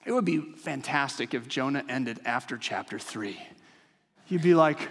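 A man's voice: mid-range voice, lively intonation, normal speed, fairly bright tone. A man preaching a sermon as a pastor, emphatic and dramatic, with casual conversational asides. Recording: long hall reverb.

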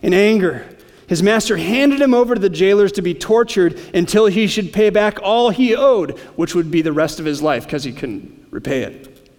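A man's voice: high voice, animated, moderate pace, darkish tone, in a large hall. A man preaching a sermon, explaining scripture in a conversational way with casual asides. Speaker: pastor.

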